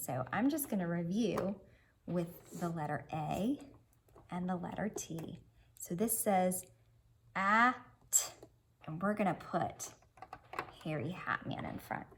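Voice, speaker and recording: A woman's voice: fairly low pitch, a bit bright, a little hiss or hum. A woman teacher leading a children's reading lesson, cheerfully prompting young learners to sound out and blend words.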